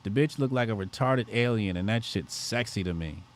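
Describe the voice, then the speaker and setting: A man's voice: on the low side, normal speed. A man hosting a livestream, joking crudely and reacting to his chat. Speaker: livestream host.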